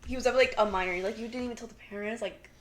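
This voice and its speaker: A young woman chats on a podcast, retelling a TV drama in a loose, animated ramble that leans on "like" at every turn. Her voice sits a little above the usual for a woman. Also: on the high side, racing. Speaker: podcast co-host. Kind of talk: casual chat recapping a TV drama.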